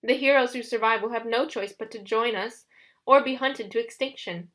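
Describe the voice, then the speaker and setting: Woman doing a sly young villain guy, smooth and mocking, fairly high voice, audiobook. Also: moderate pace, a bit bright, close to an everyday voice. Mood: taunting. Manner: smooth, taunting.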